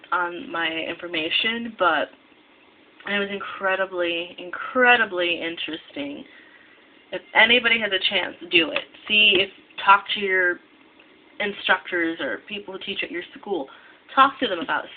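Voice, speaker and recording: Tired rambling young woman vlogger. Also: on the low side. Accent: American Midwest. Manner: rambling, many restarts and self-corrections. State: tired, half asleep. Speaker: culinary student vlogger. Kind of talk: casual vlog talk to camera. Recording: tinny lo-fi with faint hiss.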